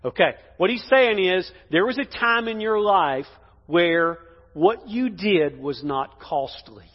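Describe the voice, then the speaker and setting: A pastor preaching a sermon in a church, emphatic, swinging between loud declarations and hushed lines. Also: male voice, high-pitched, lively intonation, slow pace. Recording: dull echoey hall sound.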